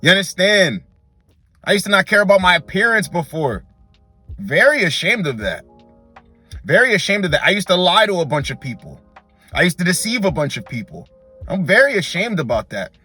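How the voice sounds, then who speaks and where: A man's voice: high voice, big pitch swings, brisk, bright, forceful tone, breathy edge, soft background music. A young man hosting a dating advice monologue, blunt and emphatic, repeatedly calling the listener bro. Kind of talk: direct-to-camera advice monologue.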